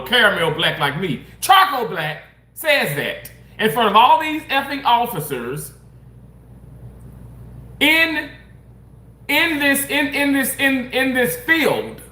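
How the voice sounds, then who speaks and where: A man who assists in surgery tells a rambling, animated story to his viewers, often restarting and repeating himself. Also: very high voice, roomy sound. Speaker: surgical staff member. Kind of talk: casual storytime rant to camera.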